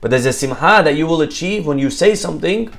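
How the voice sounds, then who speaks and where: A man's voice: a little high, expressive, quick pace, creaky. Male rabbi, Torah class teacher, engaging and repetitive, quizzes the group. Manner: quizzes listeners and repeats key words, sprinkled with Hebrew terms. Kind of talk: lively Torah lesson to a live group.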